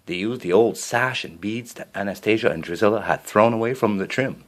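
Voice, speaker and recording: A man reading a children's storybook aloud, expressive, with a few small slips and restarts. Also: on the low side, fairly quick.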